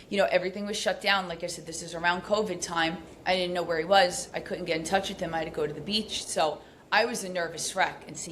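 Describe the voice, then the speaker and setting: A woman's voice: creaky, a bit bright, slight background noise. A woman guest on a podcast, candidly recounting a painful personal story with many fillers, her voice climbing when the memory gets heated. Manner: rushed, candid, many fillers, pitch rising as she relives anger.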